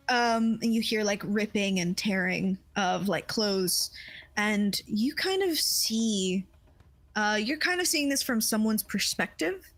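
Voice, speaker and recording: A young woman game master narrates a tabletop game slowly, with lots of halting "um"s and "like"s between phrases. Her pitch is mid-range for a woman, with faint music underneath. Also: a bit bright, no echo, rough recording. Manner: halting, full of fillers like "um" and "like".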